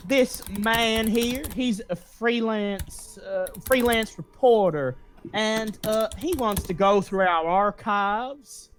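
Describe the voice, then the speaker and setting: A man doing a chirpy high-voiced receptionist woman. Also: slow pace. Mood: perky.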